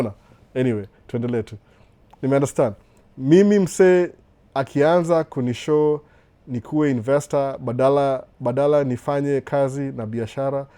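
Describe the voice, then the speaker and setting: Animated Kenyan man hosting a live Q&A. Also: mid-range voice. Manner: animated, repeats "no, no", laughs often. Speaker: livestream host answering viewer questions. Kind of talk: casual live Q&A, mixing Swahili and English. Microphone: desk microphone with computer setup.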